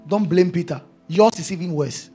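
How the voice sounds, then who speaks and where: A man's voice: high voice, moderate pace, dark tone, slightly rough, soft background music. A male preacher delivering a sermon, emphatic and repeating his key phrases.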